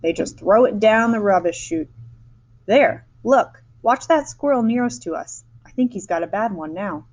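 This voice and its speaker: A woman voicing a brisk, eccentric male chocolate maker who hurries everyone along, reading a storybook aloud. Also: medium pitch, animated, a little mellow, pitched above the performer's own voice, lightly acted, low-quality recording. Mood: brisk cheer.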